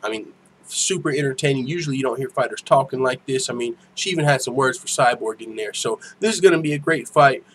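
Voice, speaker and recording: A man's voice: medium pitch, fast talker, slight background noise. A man hosting an MMA podcast in loose, slangy casual chat, laughing often. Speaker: podcast host.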